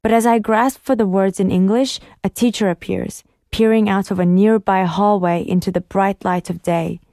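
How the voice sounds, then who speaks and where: Casting: calm woman narrator for a first-person audiobook, warm tone, dry close mic. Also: mid-range voice, normal speed, no echo.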